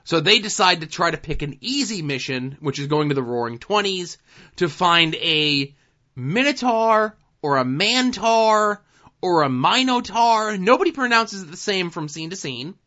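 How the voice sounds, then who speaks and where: A man's voice: on the high side, animated, moderate pace, pushed and bright, dull audio. A man co-hosting a casual podcast, recapping TV episodes in a laid-back, dry way with plenty of fillers. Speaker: podcast co-host.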